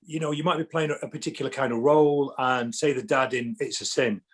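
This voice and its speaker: Husky-voiced guy on a podcast, chatty, acts out the quotes, lots of restarts. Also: medium pitch, quick pace. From England. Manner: animated storyteller, acts out quotes, many restarts. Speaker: podcast guest, actor. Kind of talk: casual chat.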